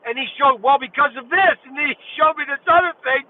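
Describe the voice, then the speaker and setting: A man hosting a casual livestream, excitedly retelling conversations and acting out his own reactions. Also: very high-pitched, fairly quick, few pauses. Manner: excitable storyteller, acts out dialogue. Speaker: livestream host. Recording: tinny phone-like sound with faint noise.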